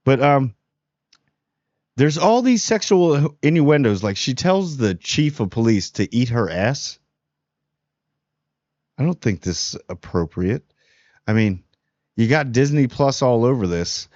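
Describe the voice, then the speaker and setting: A man from New Jersey gives a casual, blunt TV spoiler review. His pitch is mid-range, with lively jumps when he gets worked up and many restarts. The recording is dry and a little dull, with no room sound. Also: a little slow, long pauses, dry recording. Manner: blunt, animated, frequent restarts. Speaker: TV review host.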